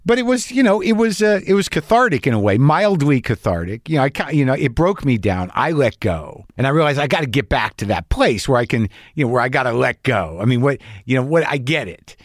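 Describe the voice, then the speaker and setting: A man's voice: mid-range voice, big pitch swings, fairly quick, hardly any pauses, no echo, studio quality. Restless, wry fifty-something man rambling. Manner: self-questioning, wry, restless, circling back on himself. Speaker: podcast host and comedian. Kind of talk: rambling confessional monologue.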